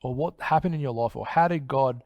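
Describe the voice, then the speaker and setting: A man's voice: medium pitch, a little fast, no room sound, lo-fi sound. A man hosting a casual interview, asking questions and giving frequent short affirmations.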